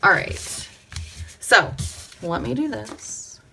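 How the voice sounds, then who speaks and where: In a sing-song, creaky mid-range voice, a Pacific Northwest crafting host speaks very slowly over a noisy background. She's chatty, muttering to herself and her viewers as she crafts and sometimes slipping into soft whispers.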